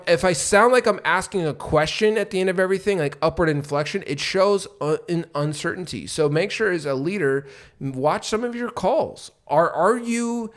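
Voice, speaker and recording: A man co-hosting a business podcast, coaching listeners in an animated way. His voice sits a bit high for a man. He acts out rising and falling tones as he explains. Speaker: podcast co-host.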